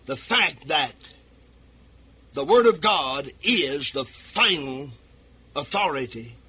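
Male radio preacher, high-pitched and husky, fervent delivery swinging into shouts and sing-song. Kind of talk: sermon. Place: radio broadcast. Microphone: speaking into a microphone.

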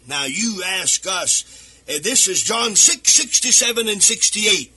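Male radio preacher, high-pitched and husky, fervent delivery swinging into shouts and sing-song. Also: animated, a little slow. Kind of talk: sermon. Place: radio broadcast. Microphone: speaking into a microphone.

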